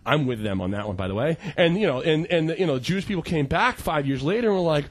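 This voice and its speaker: A male pastor preaching a sermon, telling stories with acted-out voices and shouting for emphasis. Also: on the high side, quick pace, no echo. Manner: animated storyteller, acts out voices and shouts for emphasis.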